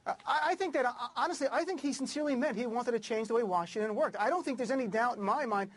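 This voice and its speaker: Fast-talking earnest male pundit. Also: extremely high pitch. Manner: earnest, quick, defending his view. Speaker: panel guest, former attorney. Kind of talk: political panel discussion.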